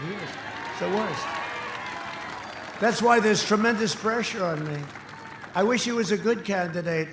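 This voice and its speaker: A man giving a boastful, mocking campaign rally speech from a podium microphone, repeating lines and shouting them out to the crowd. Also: high voice. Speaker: candidate speaking at a campaign rally. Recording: echoey sound system with crowd noise.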